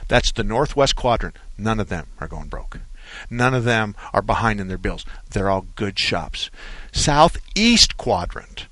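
Dry-voiced folksy radio host. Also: male voice, lowish voice, a bit bright, no room sound. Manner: folksy storyteller, chuckling, joking asides. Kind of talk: call-in radio talk.

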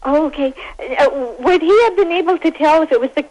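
A woman's voice: high voice, a little fast, darkish tone, poor audio. A woman calling in to a car radio show, asking hesitant questions about her car. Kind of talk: phone-in question.

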